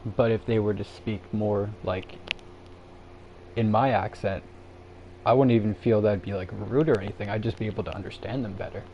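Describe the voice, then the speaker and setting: Laid-back low-voiced man rambling on stream. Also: steady tone, normal speed. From Canada. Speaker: live streamer. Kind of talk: casual solo live-stream chat. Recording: dull lo-fi sound with faint background noise.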